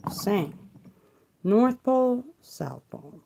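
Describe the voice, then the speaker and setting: A woman talks slowly and softly on a live stream, her lowish voice catching into gravel at the ends of phrases. She rambles from one question to the next, trailing off, and keeps her volume down near the mic. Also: lively intonation. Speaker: livestream tarot reader. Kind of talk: soft-spoken livestream musing. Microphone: close mic, kept quiet for live stream.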